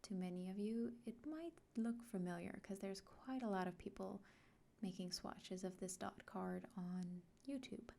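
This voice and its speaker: Soft, whispery woman with a gravelly edge. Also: mid-range voice, slight background noise. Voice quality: frequently whispered. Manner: slow, gentle and soft-spoken. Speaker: art vlogger. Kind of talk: soft-spoken unboxing vlog.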